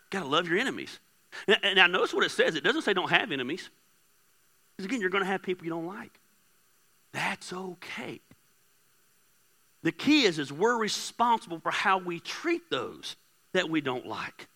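Man, pastor, very bright sharp tone, lively swooping pitch, candid preaching. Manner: candid, joking, talks straight to the crowd; swings between soft asides and loud emphatic bursts. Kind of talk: sermon. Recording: hall reverb.

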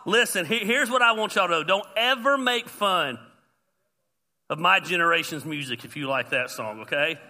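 A man, a pastor preaching an animated sermon with self-deprecating humor. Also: high voice, moderate pace. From US South.

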